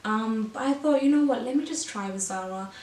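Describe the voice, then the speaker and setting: A woman's voice: a little high, fairly quick, darkish tone. A woman vlogger trying on clothes and chatting casually, bubbly and giggly, a little out of breath. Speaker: fashion vlogger. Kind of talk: casual haul try-on chat. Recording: echoey room, voice from a distance.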